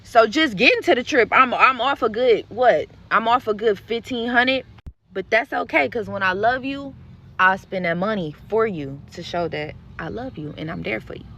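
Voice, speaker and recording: A young woman with a bright, forceful voice tells a storytime rant straight to her viewers. She is blunt and profane and jumps into the voices of the people in her story. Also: fairly high pitch, moderate pace. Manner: blunt and profane, acts out other people's lines. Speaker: social media creator.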